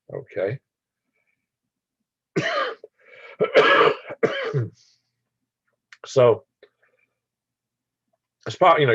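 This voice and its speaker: A man's voice: mid-range voice, fairly bright tone, breathy edge, no room sound, lo-fi sound. An older man hosting a casual livestream, rambling and laughing as he answers viewers' comments by name. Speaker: channel host reading live chat.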